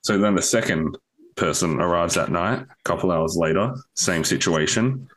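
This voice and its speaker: A young man with a very low voice tells a long, meandering joke on a casual podcast. He swears freely and rambles as he talks. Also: normal speed, a bit bright. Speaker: podcast co-host. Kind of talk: casual storytelling.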